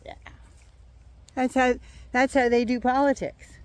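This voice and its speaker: A woman's voice: high-pitched, little pitch movement, unhurried, dry recording. An older woman vlogging outdoors in her yard, talking to a phone or camera held at arm's length in a sarcastic, mocking casual rant.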